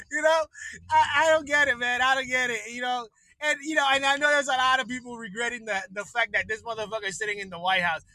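A man's voice: extremely high pitch, fairly even intonation, brisk, pushed and bright, no echo, poor audio. A man hosting a livestream, ranting casually with lots of swearing, restarts and laughter. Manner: profane, rambling, laughs often. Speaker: livestream host. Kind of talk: casual political rant.

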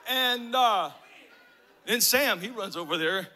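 A man telling a rambling story about his son, animated and emotional, with many restarts. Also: high-pitched, slow. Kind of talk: storytelling comedy set.

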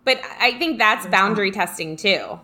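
A woman's voice: mid-range voice, lively intonation, normal speed, bright, forceful tone. A young woman co-hosting a casual podcast chat, speaking in a reflective, chatty way full of "like". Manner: reflective, chatty, many "like" fillers. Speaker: podcast co-host.

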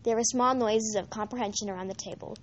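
A woman narrating a novel aloud in an amateur reading, measured, with occasional slips and restarts. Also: a little high, steady tone, lo-fi sound, a little hiss or hum. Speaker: audiobook reader.

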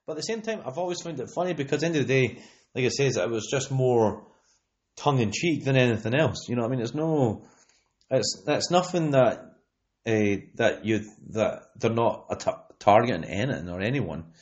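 Fairly quick and lively in intonation, this young Scottish man has a mid-range, husky, slightly mellow voice as he hosts a casual podcast. He rambles on, leaning on "you know what I mean" again and again, and the recording sounds lo-fi.

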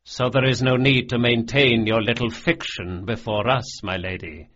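A man's voice: medium pitch, steady tone, moderate pace, lightly acted. Man voicing a suave, menacing older crime lord. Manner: suave, courteous, quietly threatening. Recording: dull lo-fi audiobook recording.

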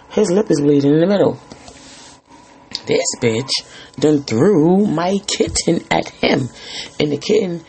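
A man's voice: medium pitch, vocal fry, a little mellow, slight background noise. A man hosting a podcast, telling a story in a rambling, profane, exasperated way. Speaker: podcast host. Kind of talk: casual storytelling rant.

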